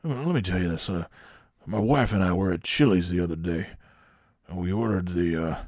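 A man voicing a fixated male coworker who complains in a slow, plodding drawl. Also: low voice, darkish tone, dry recording, studio quality. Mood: aggrieved. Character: fixated man coworker griping about mayonnaise.

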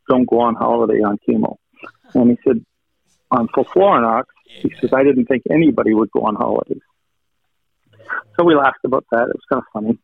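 Gravelly man telling his story over a phone line. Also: mid-range voice, no echo. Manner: retells conversations, stacking quoted "he said" lines; earnest, frequently thanks God. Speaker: guest sharing a personal testimony. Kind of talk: personal storytelling. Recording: thin phone-like line, dry.

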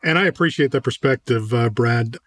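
A middle-aged man hosting an interview, speaking in a measured, sincere way. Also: medium pitch, fairly bright tone. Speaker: interview host, CEO. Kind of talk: interview question.

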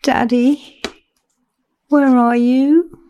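A woman's voice: high-pitched, lively intonation, slow pace, dark tone, muffled recording, voice pushed up, exaggerated voice. A woman voicing a shocked, tearful young woman.

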